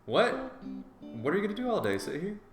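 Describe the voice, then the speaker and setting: A man's voice: lowish voice, rapid-fire, lightly acted. A man voicing a sweet, naive young male animal character with an innocent, startled manner, in a roomy space with guitar music. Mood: eager. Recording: echoey room, soft guitar music.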